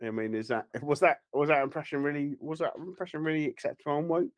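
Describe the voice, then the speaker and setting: A man's voice: a little high, quick pace. Teasing, rambling male podcast co-host. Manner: rambling, teasing, laughs a lot. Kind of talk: casual podcast chat.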